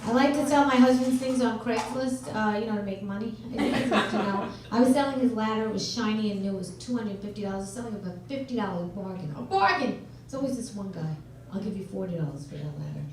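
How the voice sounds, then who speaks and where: A middle-aged woman performing a stand-up comedy set, brash and deadpan, working the crowd loudly. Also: on the high side, fast talker, hardly any pauses, background noise. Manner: brash, deadpan punchlines, loud crowd work. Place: comedy club stage. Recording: echoey club from far off, loud crowd. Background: audience laughing and reacting.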